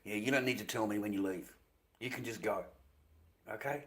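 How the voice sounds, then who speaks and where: A man's voice: fairly low pitch, brisk, a bit bright, poor audio. An Australian man rambling bluntly on his live stream, profane and dismissive, repeating himself and often dropping to a mutter.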